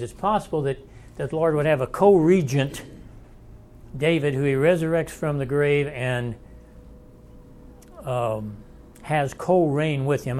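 A man's voice: mid-range voice, darkish tone, a little hiss or hum. A man teaching a Bible study lecture in a folksy, conversational way, thinking aloud and inviting questions from the class.

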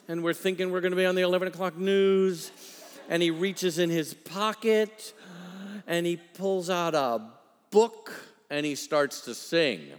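A man preaching a sermon, telling a story with halting restarts and wry asides. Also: fairly high pitch, clear, resonant tone. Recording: long reverb of a hall.

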